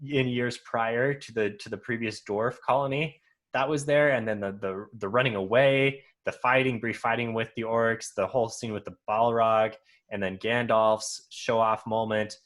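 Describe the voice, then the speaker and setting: A man's voice: mid-range voice, fairly bright tone. A man co-hosting a podcast, talking through a book review in a casual, thoughtful way, explaining his points at length. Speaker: podcast co-host.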